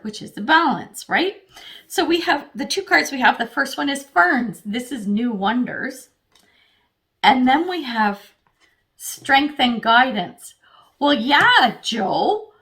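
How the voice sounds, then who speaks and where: A woman with a slightly high voice gives a casual tarot reading. She chats straight to the viewer, thinks out loud as she draws cards, and swears freely. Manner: thinks aloud while pulling cards. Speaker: tarot reader.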